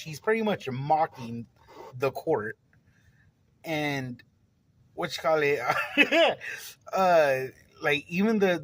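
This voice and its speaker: Male film reviewer, casual and unscripted, slightly high voice, slow, rambling delivery. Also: rough recording. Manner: rambling, many fillers and restarts, laughs often, swears. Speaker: movie reviewer.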